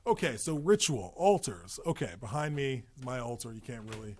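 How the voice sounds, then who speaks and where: A man's voice: medium pitch, sing-song, brisk, a little mellow, slight background noise. A man hosting a podcast in a loose, rambling monologue with profane, joking asides. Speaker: podcast host.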